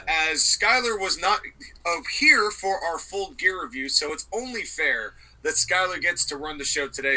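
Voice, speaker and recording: A man's voice: sits high, sharp tone, poor audio. A man co-hosting a podcast, talking in a rambling, self-deprecating way. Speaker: podcast co-host. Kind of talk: casual podcast chat.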